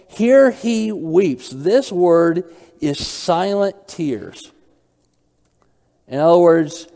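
A man preaches a Bible study in a hall with a long, ringing reverb. His voice sits a bit high for a man but sounds mellow and warm. He keeps asking his listeners questions and doubles back on his own phrases. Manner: questions the audience, repeats phrases, reads verses aloud. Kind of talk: interactive Bible study sermon.

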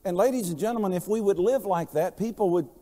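A man preaching a sermon, telling stories and swinging between quiet, low passages and loud, emphatic lines. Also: fast talker, long reverb tail. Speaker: pastor.

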